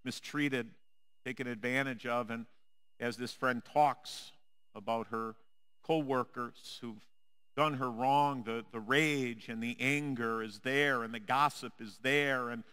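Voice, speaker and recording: Slow, deliberate male pastor preaching. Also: fairly even intonation, clear, resonant tone. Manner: measured, dramatic delivery, dropping low and quiet on refrains. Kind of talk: sermon. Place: church sanctuary.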